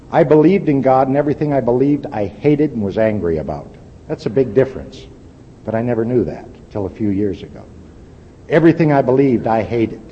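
A man's voice: mellow, slightly rough. An older man speaking at a recovery meeting, giving a plain-spoken, wry and candid personal testimony. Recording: lo-fi echoey hall with faint rumble.

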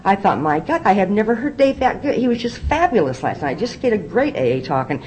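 A woman's voice: mid-range voice, big pitch swings, fairly quick, a little mellow, slight background noise, rough recording. A middle-aged woman speaking from a podium at a recovery meeting, telling her story candidly and often repeating words as she restarts. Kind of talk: personal testimony talk.

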